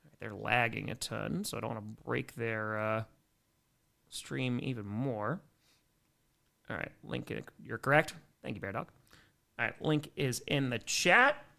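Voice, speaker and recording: A man hosting a live sports stream, casually chatting and reading viewer messages aloud with sudden animated outbursts. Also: mid-range voice, unhurried, gravelly, pauses often. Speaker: livestream host.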